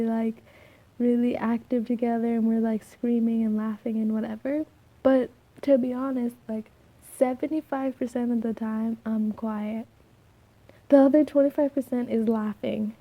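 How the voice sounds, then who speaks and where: A soft-spoken young woman with a slightly scratchy voice, rambling through a casual vlog with many fillers and restarts. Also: a little high, narrow, tinny audio. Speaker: vlogger.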